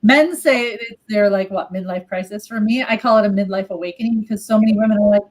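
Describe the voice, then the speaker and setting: A middle-aged woman and healer in casual live chat, candid and animated, swearing casually and acting out her own inner voice. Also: mid-range voice, fairly quick, poor audio. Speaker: co-host, healer.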